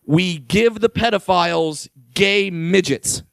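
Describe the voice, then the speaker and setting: Brash very high-voiced male comedian. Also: lively intonation, normal speed, creaky, dry recording. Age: 20s. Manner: brash, crude, shouted punchlines. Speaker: stand-up comedian. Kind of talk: stand-up comedy set.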